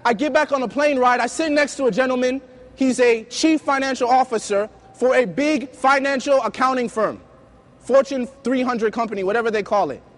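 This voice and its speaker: High-voiced man preaching with stories. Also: normal speed. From United States. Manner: lively storytelling, acting out dialogue. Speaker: youth preacher. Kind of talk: sermon with personal stories.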